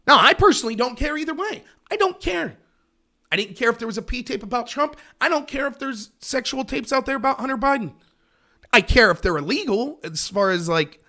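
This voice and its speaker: A man hosting a political livestream, talking in a sarcastic, animated way and mocking his opponents. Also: very high-pitched. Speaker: host of a political talk show.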